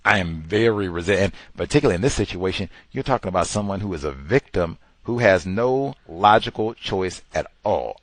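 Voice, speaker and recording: A man's voice: sits low, expressive, brisk, few pauses, dry recording. A man hosting a podcast, delivering emphatic commentary and mimicking the people he quotes. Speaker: podcast host. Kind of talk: commentary monologue.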